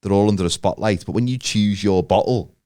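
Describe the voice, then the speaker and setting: A man's voice: fairly low pitch, a little fast, mellow, dry recording, studio quality. A man in his forties with a northern English accent, co-hosting a podcast in a casual, jokey chat. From northern England. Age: 40s. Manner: jokey, chatty, laughs often. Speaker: podcast co-host.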